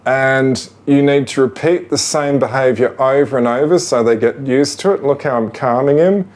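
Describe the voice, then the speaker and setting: A man, gently showing how he trains his ferrets, talking patiently and rambling with fillers. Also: medium pitch, normal speed. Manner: gentle, patient, coaxing to the animals; rambling with fillers like "you know" and "sort of". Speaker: ferret owner demonstrating training. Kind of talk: casual how-to demonstration.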